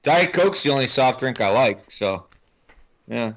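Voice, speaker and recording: A man co-hosts a film podcast in loose, casual chat. His voice is bright and forceful, and he rambles and restarts mid-thought. The recording sounds slightly dull and lo-fi. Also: medium pitch, lively intonation, measured pace. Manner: rambling, restarts, laughs easily. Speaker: podcast co-host.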